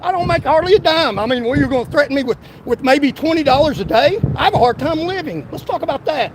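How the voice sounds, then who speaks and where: A man's voice: extremely high pitch, lively intonation, fast talker, noisy background. A man, a taxi driver arguing with police outdoors by a busy road, lecturing and insistent. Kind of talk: heated street argument.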